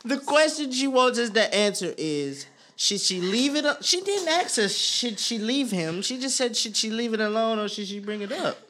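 A woman co-hosting a casual podcast, quick to react and often laughing. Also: on the high side, expressive, a bit bright. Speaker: podcast co-host.

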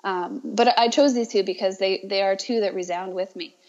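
A woman's voice: medium pitch, fairly even intonation, moderate pace, darkish tone. A woman, a teacher, talking reflectively with hesitant restarts. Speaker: teacher and guest. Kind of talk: reflective conversation. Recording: dull, muffled audio.

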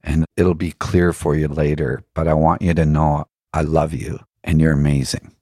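Deep, husky man, musing earnestly. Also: level tone, normal speed, dark tone, dry recording, studio quality. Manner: earnest, musing, with frequent rhetorical questions; laughs now and then while telling stories. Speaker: podcast guest. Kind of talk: reflective spiritual storytelling.

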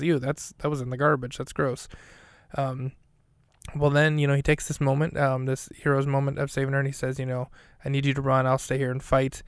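Gravelly, steady-voiced podcast host. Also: male voice, medium pitch, no room sound, studio quality. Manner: loose retelling with many fillers and quoted dialogue. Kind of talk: casual episode recap.

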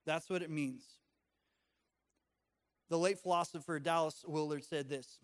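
A man preaching a sermon to his congregation, conversational and joking, dropping quiet for emphasis. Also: on the high side. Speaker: pastor. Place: church in front of a congregation.

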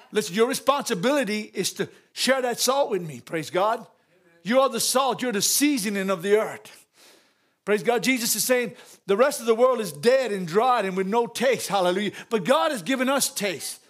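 High-voiced, exuberant preaching man. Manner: call-and-response preaching, exuberant, laughing, shouting. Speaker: pastor. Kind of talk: sermon. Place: church.

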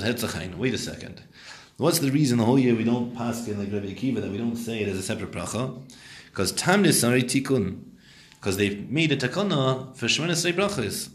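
A man's voice: medium pitch, lively intonation, fast talker, roomy sound. A man teaching a Talmud class, translating Hebrew and Aramaic phrases and questioning his students.

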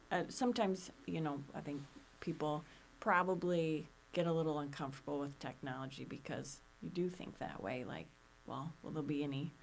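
Lady podcast host, kinda low voice, chatty and upbeat, lots of ums. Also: creaky. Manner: friendly, upbeat sign-off with fillers. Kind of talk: casual podcast chat.

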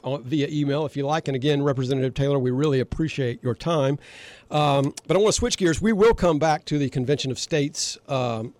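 A man's voice: a little mellow, no echo. Fired-up older male talk radio host. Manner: gets fired up, pitch rising sharply on emphatic questions. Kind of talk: call-in political talk radio.

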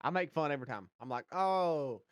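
A man guesting on a casual podcast, reminiscing in a lively way and mimicking his friends. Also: on the high side, a little fast. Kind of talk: casual chat.

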